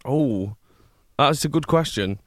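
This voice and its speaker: A young man from Manchester with a Mancunian accent, chatting casually as an interview guest. His voice sits at an ordinary middle pitch, and he often laughs and restarts his sentences. The recording is dry and close to the mic. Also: animated, slow pace, no echo. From born in Scotland, raised in Manchester.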